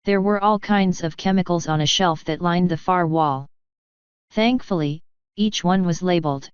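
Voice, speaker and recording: A woman reading a fanfiction story aloud in an even, steady way. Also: lowish voice, normal speed, clear, resonant tone, no room sound, dull audio. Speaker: fanfiction reader.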